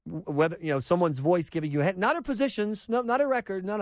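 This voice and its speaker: A man hosting a talk radio show, delivering an opinionated monologue with a sarcastic, animated edge. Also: high voice, fast, hardly any pauses, dry recording. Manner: sarcastic, animated, mocks quotes in put-on voices.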